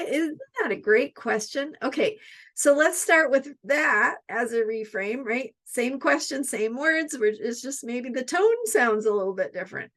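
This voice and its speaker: A woman's voice: high voice, very animated, measured pace, a bit bright. A woman astrologer teaching in a reflective spoken style, often repeating her questions and asking "right?" between her points.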